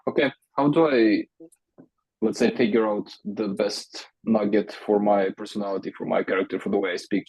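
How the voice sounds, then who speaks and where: A laid-back man joins a coaching session over a video call and asks casual questions. His voice is low and mellow, with a slightly husky edge. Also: steady tone, moderate pace, poor audio. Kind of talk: casual chat.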